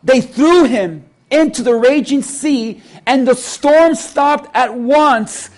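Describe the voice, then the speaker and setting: A man delivers a sermon in a notably high voice. He speaks slowly and deliberately. He leans on repetition to drive each point home. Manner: slow, emphatic preaching with repetition. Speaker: pastor.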